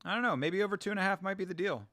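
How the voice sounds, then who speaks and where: Casual male host, slightly high voice, sarcastic and salty, dry close mic, live watch-along. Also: racing, dry recording. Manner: animated, profane, sarcastic, laughs often. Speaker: show host.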